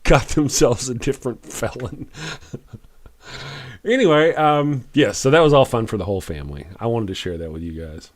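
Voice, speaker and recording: Animated wry man hosting a live stream. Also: mid-range voice. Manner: animated, chuckling, wry, quick after lots of coffee. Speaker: live-stream show host. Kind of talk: casual live-stream commentary, reading chat.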